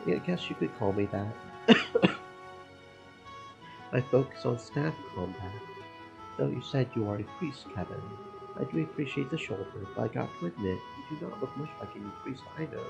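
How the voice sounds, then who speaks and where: A frank, spirited young woman fighter who doubts what she is told, as a man reads her lines. The reading voice stays gravelly and mid-pitched, with game music underneath. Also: expressive, normal speed, pauses often. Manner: blunt, skeptical replies.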